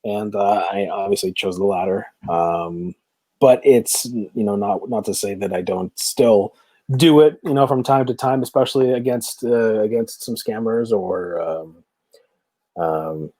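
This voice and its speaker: Relaxed, mellow-voiced man in his thirties. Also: on the low side, unhurried, no echo. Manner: hesitant, many fillers, laughs easily. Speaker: comic book creator, podcast guest. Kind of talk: casual interview chat.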